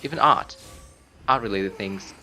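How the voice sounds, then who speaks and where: A man commentating live on his own gameplay, chatting casually and bursting into loud screams and laughs at the game. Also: lowish voice, measured pace, soft background music. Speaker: game streamer.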